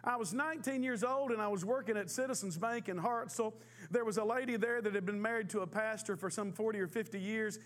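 A man's voice: high-pitched, steady tone, fast talker, fairly bright tone. A man in his fifties, a pastor, preaching a sermon in a folksy storytelling way with emphatic repetition. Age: 50s.

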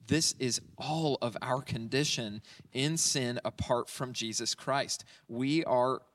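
A man's voice: mid-range voice, slow, a bit bright, dry recording, far from the mic. A man preaching through a psalm verse by verse in a conversational way, often checking in with "right?" between points. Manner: conversational, asks "right?" often, many fillers. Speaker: pastor. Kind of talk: teaching sermon on a psalm.

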